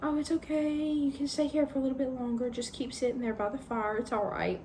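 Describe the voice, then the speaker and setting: A woman voicing a gentle, fearful male fawn who speaks in a soothing, pleading way. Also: on the low side, steady tone, normal speed, slight background noise, lightly acted.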